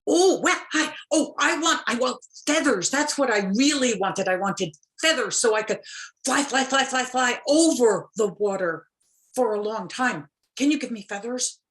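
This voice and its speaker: A woman voicing an excitable little male fish who begs to fly, in a high, pleading, eager voice. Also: moderate pace.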